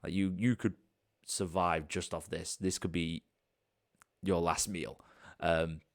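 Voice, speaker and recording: Deep-voiced male game master. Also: slow, no echo, clean studio sound. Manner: descriptive, relaxed, with fillers. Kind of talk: narrating a tabletop game.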